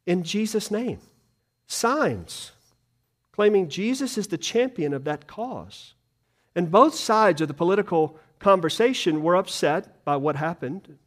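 A middle-aged male pastor preaching a sermon earnestly, moving between loud emphasis and hushed grief and asking the congregation questions. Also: a little high. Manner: asks the congregation rhetorical questions.

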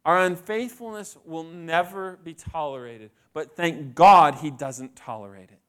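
A man's voice: a little high, a little slow, fairly bright tone, clear, resonant tone. A man preaching a sermon in a conversational way, often asking the congregation questions. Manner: conversational, asks the audience questions.

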